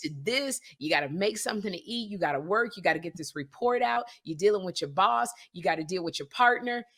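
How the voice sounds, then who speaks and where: Lively animated woman podcast co-host. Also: medium pitch, fairly quick. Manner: animated storyteller, acts out quotes loudly. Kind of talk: casual comedic chat.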